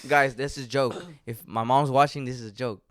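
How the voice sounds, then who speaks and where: A man's voice: medium pitch, steady tone, a little fast, fairly bright tone. A young man co-hosting a podcast, telling stories in a casual, joking way and laughing often. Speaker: podcast co-host. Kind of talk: casual chat.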